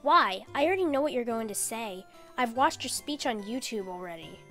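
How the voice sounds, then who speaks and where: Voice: medium pitch, expressive, moderate pace, bright, forceful tone, soft background music. A performer voicing a rude, bored teenage boy in an amateur animation, dismissive and sarcastic.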